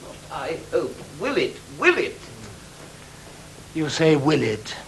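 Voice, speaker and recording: An actor playing a fussy, impatient theatre director who gives brisk, exasperated orders during a rehearsal in a 1980 television stage drama. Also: male voice, a little high, very animated, gravelly, fairly bright tone, a little hiss or hum, full character voice, low-quality recording. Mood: instructive.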